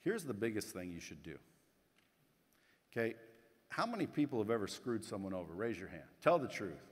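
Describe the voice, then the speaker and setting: A man's voice: fairly low pitch, sing-song, brisk. A man giving a motivational keynote speech to a conference crowd, blunt and casual, swearing and addressing the audience directly. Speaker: keynote speaker. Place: conference hall stage. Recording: long hall reverb.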